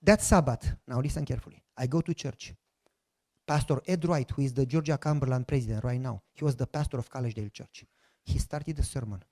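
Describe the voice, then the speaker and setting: A man's voice: mid-range voice, a little fast, warm tone. Emphatic preacher man telling his story. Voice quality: non-native broken English grammar. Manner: emphatic storytelling, imitates voices of others in quotes. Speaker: pastor. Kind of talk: sermon testimony.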